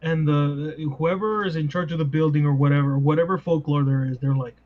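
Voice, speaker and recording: A man hosting a podcast in casual chat, animated and full of rhetorical questions. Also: fairly high pitch, brisk, few pauses, a little hiss or hum. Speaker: podcast host. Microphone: podcast mic. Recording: dull lo-fi sound.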